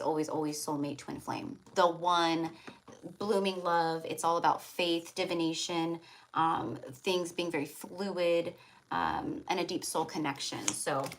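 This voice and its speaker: A woman's voice: on the low side, a little hiss or hum, poor audio. Chatty woman reading tarot live. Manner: chatty, affectionate, calls viewers love and hon. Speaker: tarot reader.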